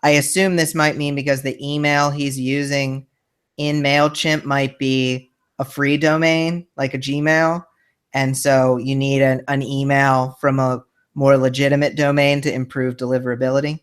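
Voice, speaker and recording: A man's voice: medium pitch, little pitch movement, normal speed, clear, resonant tone. A man hosting a live show in casual chat, reading out viewer questions in a friendly, hesitant way. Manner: friendly, hesitant, lots of fillers.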